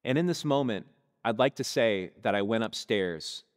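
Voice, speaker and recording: A man's voice: on the low side, animated, moderate pace. Storytelling male pastor in echoing church. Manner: vivid storytelling, addresses congregation. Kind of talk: sermon storytelling. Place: church sanctuary. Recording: long reverb of a church hall.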